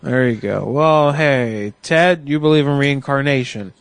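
A man hosting a prank call show, asking crude questions in a deadpan, mock-confused way. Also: medium pitch, measured pace, creaky. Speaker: host.

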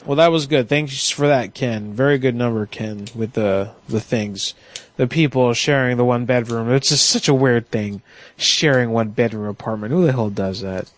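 A man hosting a prank call show, asking crude questions in a deadpan, mock-confused way. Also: mid-range voice, moderate pace. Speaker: host.

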